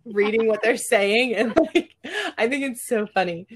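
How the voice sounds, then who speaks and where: A woman's voice: a little high, normal speed. A young woman in her twenties co-hosting a casual podcast chat, talking in a chatty way full of "like". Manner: chatty, fills talk with "like". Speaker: podcast co-host.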